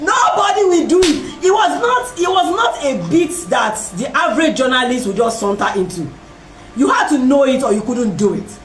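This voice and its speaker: Animated woman telling a story. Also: high voice, normal speed, faint music behind. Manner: animated, acts out voices in her story, laughs often. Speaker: host. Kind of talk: personal storytelling. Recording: roomy and distant from the mic.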